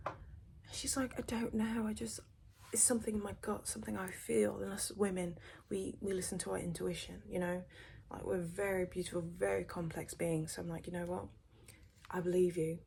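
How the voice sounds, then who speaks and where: A young British woman doing a whispered role-play, gossiping quickly and switching between whispers and a soft voice, close to the mic. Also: lowish voice, little pitch movement, vocal fry, a little hiss or hum. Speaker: ASMR creator.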